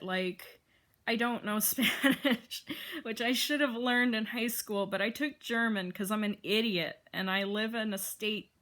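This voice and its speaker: Young woman, bright tone, rambling vlog talk, lots of fillers. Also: medium pitch. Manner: rambling, heavy use of filler words. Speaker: vlogger.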